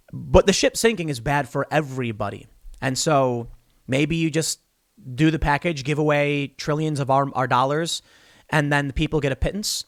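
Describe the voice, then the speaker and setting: A man's voice: fairly high pitch, no echo, clean studio sound. A man hosting a solo political commentary show, arguing his point with examples and often restarting his sentences. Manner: animated, repeats himself, argues by example.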